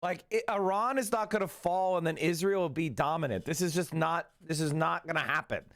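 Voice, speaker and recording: A man's voice: fairly high pitch, fairly quick, a bit bright. A man giving casual political commentary in a blunt, dismissive way.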